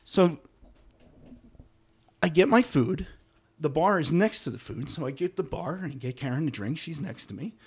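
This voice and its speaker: A middle-aged man co-hosting a podcast, telling a story in casual chat, animated, with loud emphatic bursts and low muttered asides. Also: moderate pace, pauses often, slightly rough. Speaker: podcast co-host.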